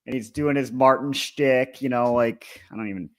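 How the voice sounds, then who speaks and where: A man co-hosting a TV review podcast, recapping an episode in relaxed chat with plenty of fillers. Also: medium pitch, moderate pace. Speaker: podcast co-host. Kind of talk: casual chat.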